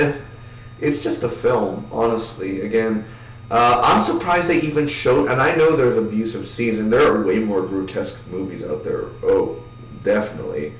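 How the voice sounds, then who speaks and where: A man giving a rambling, casual spoken film review, swearing now and then and acting out scenes in quick voices. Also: lowish voice, reverberant, distant mic, rough recording.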